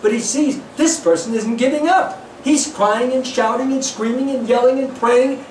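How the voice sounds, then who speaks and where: A man's voice: extremely high pitch, normal speed, few pauses. Man, spiritual teacher, earnest devotional lecture, pleading, noisy distant recording. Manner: earnest, pleading, repetitive emphasis. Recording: distant mic in echoey noisy room.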